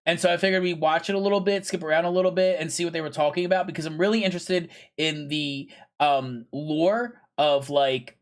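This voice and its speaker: High-voiced rambling male streamer. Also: steady tone, fairly quick, few pauses. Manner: rambling, filler-heavy, chatty; pushy, playful plugging. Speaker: game streamer. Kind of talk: casual live-stream chat.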